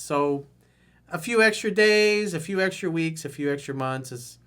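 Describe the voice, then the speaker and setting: A middle-aged man giving dating advice in a blunt, animated way. His voice sits a little higher than most men's. He now and then bursts into loud, high mimicry of the people he quotes. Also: moderate pace, clean tone. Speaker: dating coach. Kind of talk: video newsletter advice monologue.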